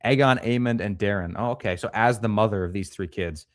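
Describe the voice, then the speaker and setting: A man's voice: lowish voice, brisk, no room sound, studio quality. A man co-hosting a casual livestream, reading chat comments aloud and joking crudely. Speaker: podcast co-host.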